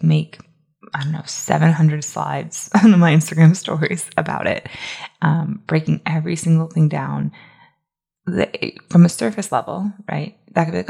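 Woman podcast host, business coach, low voice with heavy vocal fry, casual and emphatic. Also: a little mellow. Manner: casual, emphatic, many fillers like "like" and "right?". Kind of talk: solo podcast monologue.

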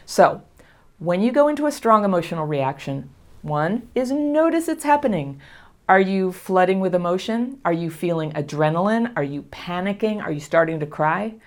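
Gentle woman teaching emotional regulation. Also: lowish voice, expressive, normal speed. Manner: gentle, reassuring, laughs often. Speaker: therapist teaching about trauma recovery. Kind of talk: casual spoken lesson to camera.

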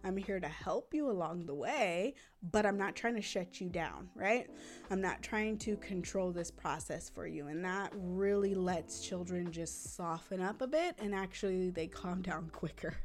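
A woman hosting a parenting podcast. She talks casually and earnestly, often checks in with a quick "right?", and sounds reassuring. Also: medium pitch, animated. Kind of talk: casual teaching talk.

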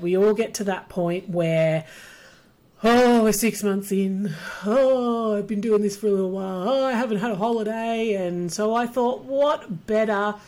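A woman's voice: mid-range voice, darkish tone. A middle-aged woman, rambling cheerfully through a solo podcast for educators. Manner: chatty, rambling, upbeat. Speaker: podcast host, business coach for educators. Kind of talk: casual solo podcast monologue.

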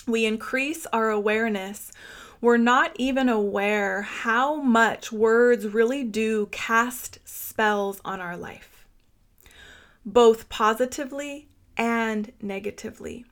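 A woman's voice: a little high, slow pace. A woman hosting a mindfulness podcast, speaking in an earnest, emphatic, motivational way and stretching words out for emphasis. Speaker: podcast host.

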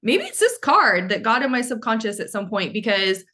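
A young adult woman hosting a podcast in casual chat, gushing and excitable, swearing casually as she talks. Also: fairly high pitch, normal speed. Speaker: podcast host.

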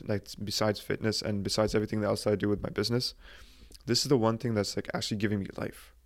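A young man hosts a solo motivational podcast, addressing his listeners directly. His voice is on the low side and his tone earnest. He often restarts phrases and relies on filler words while working through his thoughts.

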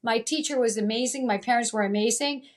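A woman's voice: fairly high pitch, fast. A woman from Italy and Venezuela, a guest coach in an interview, speaking emphatically and repeating her key phrases. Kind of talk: motivational interview talk.

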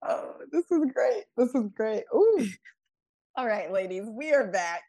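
Woman, podcast co-host, remote call, playful, laughing, slow pace, high-ish voice. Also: sing-song, dark tone. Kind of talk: casual faith chat.

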